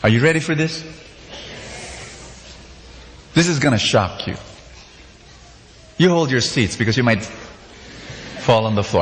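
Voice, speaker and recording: A male preacher giving an animated sermon, leading his audience in call-and-response and repeating key phrases. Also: medium pitch, moderate pace, long pauses. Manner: animated, repetitive, prompts audience. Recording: echoey hall, faint noise.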